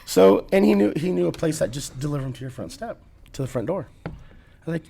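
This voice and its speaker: Fast-talking rambling man. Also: a little high, expressive, vocal fry, dark tone. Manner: rambling, laughing, frequent restarts. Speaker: podcast guest telling stories. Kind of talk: casual storytelling.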